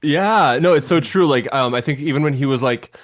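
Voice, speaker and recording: A man co-hosting a podcast, chatting casually and animatedly about a horror film. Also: fairly quick. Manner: animated, mimics characters in high voices. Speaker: podcast co-host.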